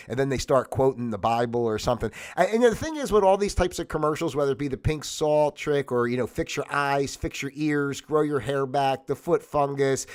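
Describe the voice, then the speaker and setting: A man hosting his own livestream, chatting casually with lots of fillers and restarts, sniffling from a stuffy nose. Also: medium pitch. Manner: casual, jumps between topics with many fillers and restarts. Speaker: host. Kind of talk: rambling livestream chat. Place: home in Florida.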